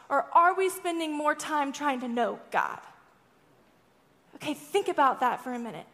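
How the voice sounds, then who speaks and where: A young woman tells a scripture story as a sermon, speaking expressively and often asking her audience questions. Her voice is high, and a long reverb trails it through a large hall. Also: lively intonation, moderate pace, a bit bright. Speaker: speaker at a church gathering.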